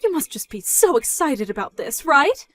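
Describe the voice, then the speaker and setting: A woman's voice: high voice, sing-song, normal speed, a bit bright, dry recording, studio quality. A woman voicing a controlling, scornful middle-aged mother, nagging and incredulous in a scripted story dub.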